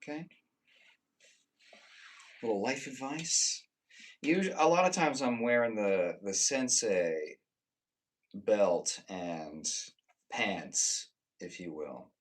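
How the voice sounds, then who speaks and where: A man chatting casually with viewers on a live stream. He rambles and swears freely, restarting his sentences, and swings between emphatic bursts and low muttered asides. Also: animated, slow, pauses often.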